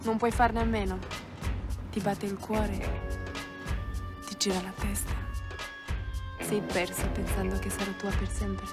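A woman's voice: medium pitch, flat delivery, measured pace, pauses often, lightly acted. An actress playing a coy, seductive woman in a car commercial, purring her lines. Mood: sultry teasing. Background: music.

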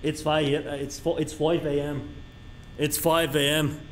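A young man streaming a horror game, reacting excitably, swearing often and shouting when startled. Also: a little high, unhurried, soft background music.

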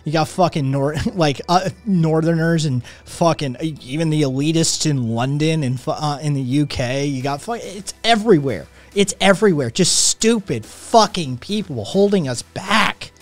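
A man's voice: on the high side, moderate pace, few pauses. A man who says he is sick and in pain, ranting with constant swearing while he reads and answers his chat. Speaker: streamer. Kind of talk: ranting live stream chat.

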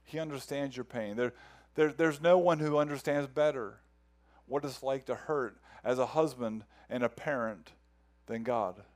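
A male pastor preaching a sermon, earnest, repeating words as he builds each point and reading scripture slowly and with feeling. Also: medium pitch, a little mellow.

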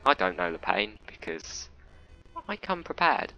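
Slow, gravelly-voiced young man. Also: on the low side, muffled recording, faint music behind. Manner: dry, self-mocking, monotone. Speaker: gamer commentating his play. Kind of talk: rambling solo gameplay commentary. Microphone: headset mic.

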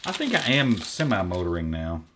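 A man's voice: sits low, very animated, normal speed. A man co-hosting a podcast, casually and crudely bantering while he opens trading card packs and mangles the card names on purpose. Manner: profane, mock-mispronounces card names. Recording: audible background noise, crinkling packs. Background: crinkling card wrappers.

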